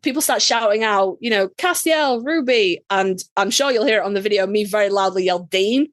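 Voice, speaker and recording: A British woman, a podcast guest, telling a story in casual chat, animated and swearing freely. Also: medium pitch, fast, no room sound. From United Kingdom.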